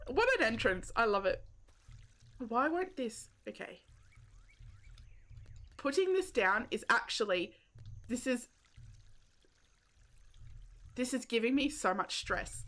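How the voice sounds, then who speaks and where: A slow-talking woman with a fairly high voice, chatting through a relaxed game stream. She laughs easily and pokes fun at herself as she plays. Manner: self-deprecating, giggly, chats with viewers. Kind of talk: casual live-stream chat while playing.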